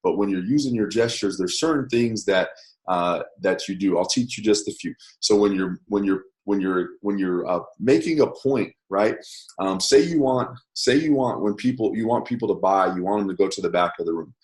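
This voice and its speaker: A man teaching a course in a casual, conversational way, often checking in with "right?" and changing his loudness to show a point. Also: fairly low pitch, normal speed. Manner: conversational, many fillers and "right?" check-ins, varies loudness to demonstrate. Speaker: course instructor.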